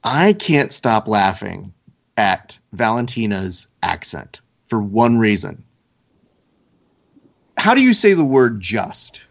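A man co-hosting a casual podcast, telling stories in a relaxed, laid-back way. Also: fairly low pitch, slow pace, gravelly. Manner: laid-back storyteller, mimics others with a put-on accent. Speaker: podcast co-host. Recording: slightly dull lo-fi audio.

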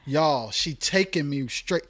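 A man's voice: fairly high pitch, expressive, takes it slowly, fairly bright tone, no echo, studio quality. A man hosting a podcast in casual conversation, making emphatic points and asking probing questions.

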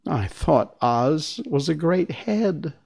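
A man voicing an earnest young girl in a storybook reading, speaking high and eager. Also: expressive, takes it slowly, gravelly, darkish tone, slightly rough, heavily acted. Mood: astonished.

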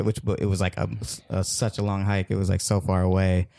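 A man telling a long, rambling story as a podcast guest, animated and full of fillers. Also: deep voice, a little fast, gravelly, few pauses, no room sound, clean studio sound. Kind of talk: casual storytelling.

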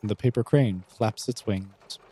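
A man's voice: lowish voice, measured pace, warm tone, breathy edge, no room sound. A young man running a tabletop role-playing game as game master, narrating and speaking for characters in an easygoing, friendly way with frequent ums.

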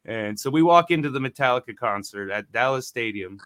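A man's voice: mid-range voice, brisk, smooth. A man in his forties telling a rambling, profane story in a casual podcast chat. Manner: rambling, profane, animated quoting. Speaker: podcast co-host.

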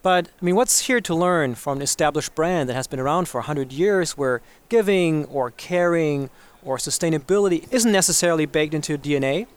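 A man hosting a business radio show, explaining points in a measured, conversational way. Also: fairly high pitch. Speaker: podcast host.

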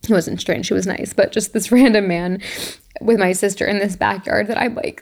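Young woman podcast host, gravelly fry, middle pitch, reflective and teary solo chat. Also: moderate pace. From Canada. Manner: reflective, emotional, laughs often. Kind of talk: casual solo monologue.

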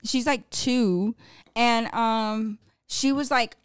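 A young woman co-hosting a podcast in casual chat, telling stories in an animated, teasing way with plenty of cursing. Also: a little high, very slow, clean tone, no echo, studio quality. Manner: animated storytelling, profane and teasing. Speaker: podcast co-host.

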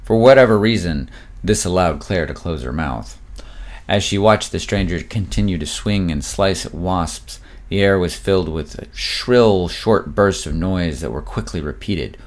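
Man, extremely low bass voice, scripted story narration, measured, dramatic. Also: expressive.

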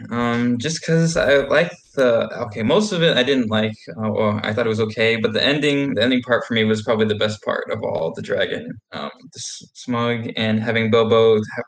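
A man appearing as a guest on a casual movie podcast, halting and thinking aloud with many pauses. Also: on the low side. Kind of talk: casual chat.

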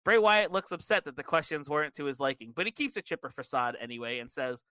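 A man's voice: fairly high pitch, expressive, fast, hardly any pauses, pushed and bright, dry recording, low-quality recording. A man co-hosting a casual podcast, recapping events step by step. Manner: narrates events step by step with fillers. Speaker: podcast co-host. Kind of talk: casual chat, recapping a wrestling show.

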